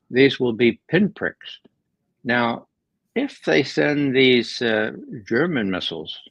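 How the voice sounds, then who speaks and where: A man's voice: mid-range voice, creaky, a bit bright, no echo, rough recording. A man speaking as a guest analyst in political commentary, emphatic, with frequent repeated words and restarts.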